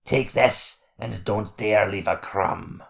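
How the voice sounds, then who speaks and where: A hideous grinning scourge barks at his prisoners, voiced by a man reading a storybook. The voice is very low and gritty with fry, and it crawls along at a sneering, menacing pace. It sounds a little distant from the microphone. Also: takes it slowly. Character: hideous grinning clawed scourge jailer, cruel.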